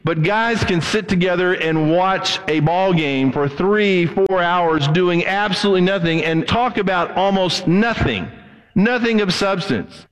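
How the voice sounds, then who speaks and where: A middle-aged man preaching with a high voice, rising and falling as he acts out quoted voices. His sermon rings through a church hall with a long reverb tail. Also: measured pace. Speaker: pastor.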